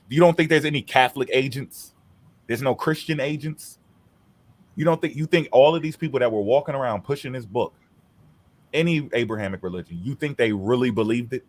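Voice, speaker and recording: A man's voice: mid-range voice, brisk. A man hosting a casual streamed chat, talking in a blunt, profane and heated way.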